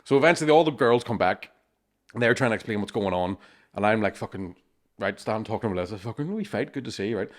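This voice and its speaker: A man's voice: on the low side, fast talker. An Irish man telling a rowdy story in casual chat, swearing constantly, tagging lines with "right?" and acting out other people's voices. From Ireland. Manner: swears constantly, keeps asking "right?", acts out quoted voices. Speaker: podcast co-host telling a story.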